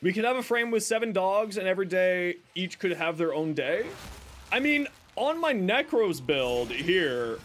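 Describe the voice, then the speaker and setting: A man's voice: sits high, very animated, unhurried, fairly bright tone, a little hiss or hum. A male streamer chatting casually to his viewers while playing, rambling and joking at his own expense. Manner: rambling, self-mocking, talks to chat. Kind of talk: casual gaming livestream chatter.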